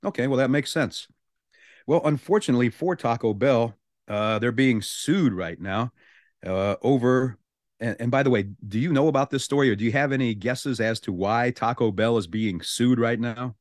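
A man's voice: mid-range voice, moderate pace, dry recording. A male radio show host, chatting casually on a studio mic and reading out the news with amused asides. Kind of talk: morning radio talk.

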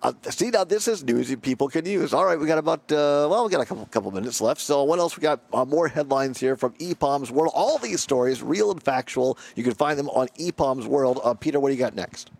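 A man's voice: mid-range voice, lively intonation, creaky, a little mellow. A man hosting a radio talk show, chatting casually in a wry, jokey way. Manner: wry, jokey, quick wrap-ups.

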